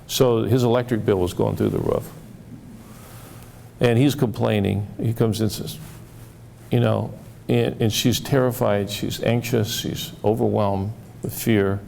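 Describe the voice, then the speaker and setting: A man telling stories from his therapy cases, halting and repeating words as he acts out quoted dialogue. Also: lowish voice, fairly even intonation, vocal fry, a little mellow, slight background noise. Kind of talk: storytelling talk.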